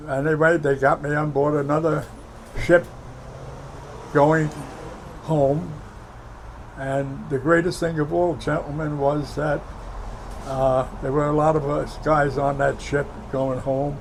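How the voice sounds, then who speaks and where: A man in his nineties from Brooklyn, recounting his war memories in an interview, halting with many fillers and heartfelt. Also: fairly high pitch, gravelly, a little hiss or hum, low-quality recording. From Brooklyn, New York. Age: 90s. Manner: heartfelt, emotional recollection. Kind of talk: oral history interview.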